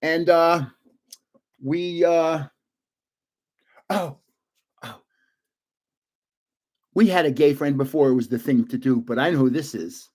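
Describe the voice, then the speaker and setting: Excitable older man opening cards. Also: on the high side, unhurried, long pauses. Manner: excitable, chatty, guessing aloud with frequent laughs. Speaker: card-opening vlogger. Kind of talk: casual live card opening.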